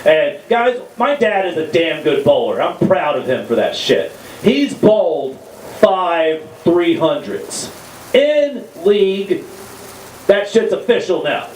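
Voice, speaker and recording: A man tells crude, self-mocking stories in a stand-up set, his voice sitting high for a man. He is heard through a stage mic in a live venue with a roomy echo, set a little back from the microphone and with faint background noise. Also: sing-song, takes it slowly, darkish tone, far from the mic. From Texas. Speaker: stand-up comedian. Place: comedy venue, live room.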